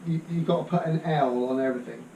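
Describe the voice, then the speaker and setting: A man, a guest answering questions in a hesitant, mild way that trails off softly. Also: mid-range voice, fast talker, vocal fry. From Bristol, England. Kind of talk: casual interview chat. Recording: echoey room, distant mic, faint hiss.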